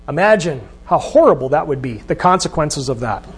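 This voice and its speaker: A man's voice: fairly high pitch, expressive, fairly quick, a little hiss or hum. A man preaching a sermon, talking in a conversational way and asking the listeners questions. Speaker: pastor.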